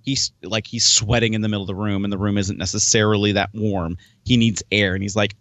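A man's voice: lowish voice, little pitch movement, brisk, few pauses, a bit bright, dry recording. A man hosting a casual podcast chat, talking in long rambling stretches with restarts and acted-out thoughts. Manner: rambling, many restarts and quoted self-talk. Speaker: podcast host; wrestler and promoter.

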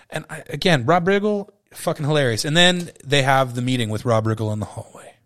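This thirty-something podcast host chats loosely about a favorite film, wandering off topic, cursing often, and leaning on fillers. His voice sits in the mid range with lively intonation and a fairly bright tone, moving a little fast with hardly any pauses.

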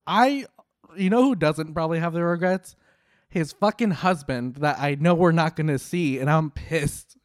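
A young man with a slightly high voice riffs sarcastically as he reacts to a video, tossing off quick jokes and swearing casually. The sound is close and dry, with no room around it. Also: no echo.

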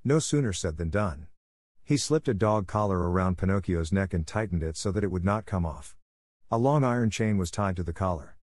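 A man narrating a classic children's story in a steady, even reading. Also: low voice, a little fast, dry recording, studio quality. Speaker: audiobook narrator.

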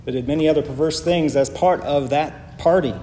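Mellow-voiced male pastor preaching in a hall. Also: a little high, brisk, a little hiss or hum. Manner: emphatic, builds through repeated phrases. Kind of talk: sermon. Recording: long reverb of a large hall.

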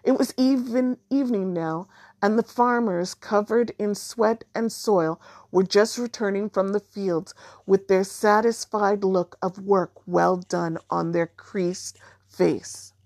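A woman narrating a children's storybook in a measured, even way. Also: mid-range voice, dry recording, clean studio sound. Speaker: audiobook narrator.

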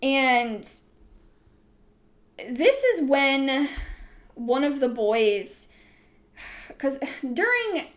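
A woman's voice: high voice, sing-song, very slow, long pauses. A young adult woman hosting a podcast, telling a story in a casual, rambling way with many "like"s and "um"s. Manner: rambling, full of "like" and "um". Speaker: podcast host.

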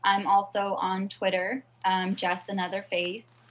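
A woman's voice: medium pitch, monotone, a little slow, a bit bright, slight background noise, low-quality recording. A woman comedian answering interview questions in a chatty, self-deprecating way, with many fillers. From Southern California. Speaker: stand-up comedian guest.

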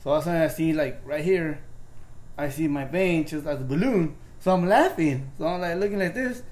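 Rich: A man with a slightly raised pitch telling an animated story in casual talk, acting out the lines of the people in it. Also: fairly quick. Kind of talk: casual podcast chat.

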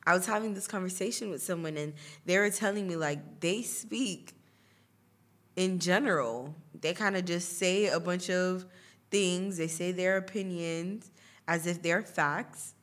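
A young woman hosting a podcast speaks in a fairly low, slightly bright voice. Her casual, chatty storytelling about her own experience is filled with laughter and fillers.

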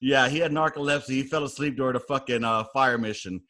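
A man telling army stories in casual chat, animated and profane, acting out loud quotes. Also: medium pitch, fast talker. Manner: animated storyteller, heavy swearing, acts out quotes loudly.

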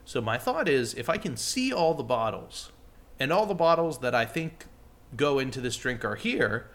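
A man's voice: medium pitch, sing-song, moderate pace, fairly bright tone. Young male podcast co-host, chatty and rambling. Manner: chatty, rambling with lots of "like" and "you know". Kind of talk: casual chat.

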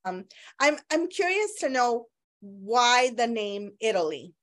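A woman hosts a casual interview, friendly and curious as she asks her questions. Her voice sits a little high and she speaks at an unhurried pace. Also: sing-song, a bit bright. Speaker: host and author.

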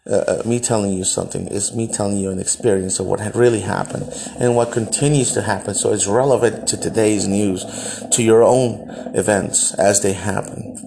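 A man's voice: on the low side, steady tone, normal speed, creaky, dark tone, a little hiss or hum. A man from El Salvador hosting a podcast, telling a personal story bluntly and with profanity, often restarting his sentences. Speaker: podcast host.

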